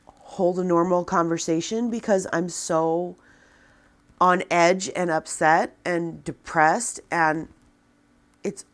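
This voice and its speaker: A woman in her forties talking to a camera, venting in a halting, downcast way with many restarts. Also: on the low side, steady tone. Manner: subdued and downcast. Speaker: vlogger. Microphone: camera with a person filming.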